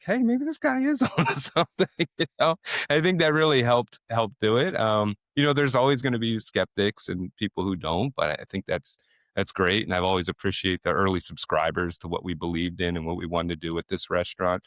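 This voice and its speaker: A middle-aged man with a low-pitched voice talks in a laid-back, chatty way as a chef being interviewed. He keeps slipping into lively quoted voices when he retells what people said to him. The sound is dry and close, with no room around it. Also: fairly quick, no echo. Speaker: chef and restaurant owner. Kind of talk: casual interview talk.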